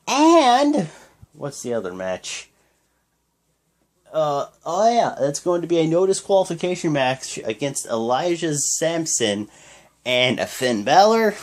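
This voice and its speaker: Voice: mid-range voice, big pitch swings, unhurried. Rambling young wrestling-recap vlogger. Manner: rambling, full of fillers and restarts. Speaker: wrestling show reviewer. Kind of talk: casual play-by-play recap.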